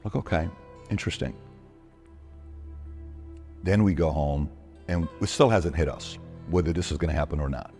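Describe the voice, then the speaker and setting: Very deep-voiced man telling a story. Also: normal speed, long pauses, soft background music. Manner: animated storyteller acting out quoted dialogue. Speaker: interview guest. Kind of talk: personal storytelling in a podcast interview.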